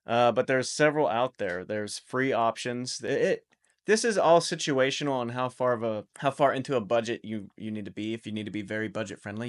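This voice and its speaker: A man giving a casual home-studio guitar recording tutorial in a relaxed, explanatory way, with loose restarts. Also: mid-range voice.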